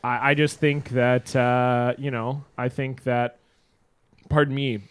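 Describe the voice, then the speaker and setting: A man's voice: mid-range voice, takes it slowly, smooth, no room sound. A man co-hosting a casual sports podcast, telling stories and acting out quotes. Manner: animated storyteller, acts out quotes. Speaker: podcast co-host. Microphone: studio mic.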